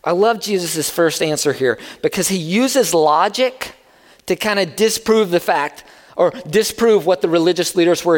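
A man preaching a sermon in a conversational, animated way, with casual asides. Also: sits high. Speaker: pastor. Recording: long hall reverb.

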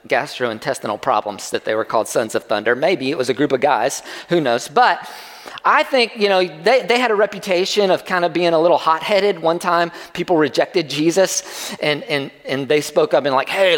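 A man preaching to a congregation, relaxed and chatty, often breaking into the voices of imagined listeners. His voice sits a little high for a man. A long reverb trails every line, as in a big hall. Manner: conversational and joking, acts out voices of listeners. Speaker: pastor. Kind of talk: sermon.

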